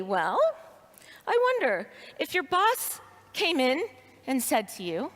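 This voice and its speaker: High-voiced woman telling a story in a hall. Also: slow pace. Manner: expressive storytelling, acts out her inner voice. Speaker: speaker at a leadership training event. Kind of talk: personal story speech to an audience. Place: large hall with audience. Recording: reverberant hall sound.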